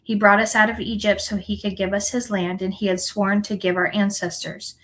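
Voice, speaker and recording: Woman reading scripture, earnest and steady. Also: medium pitch, poor audio. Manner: earnest, unhurried reading with small self-corrections. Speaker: scripture reader.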